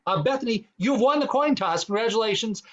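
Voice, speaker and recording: A man's voice: sits high, expressive, a little fast, muffled recording. A man hosting an online improv comedy game, explaining rules with plenty of fillers. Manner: rambling, many fillers. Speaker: improv show host.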